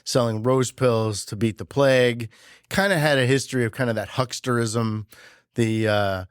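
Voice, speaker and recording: A man co-hosting a podcast in casual chat, telling stories in a relaxed way. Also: mid-range voice, normal speed, clear, resonant tone, no echo, studio quality. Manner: relaxed storyteller, reading out old verses. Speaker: podcast co-host.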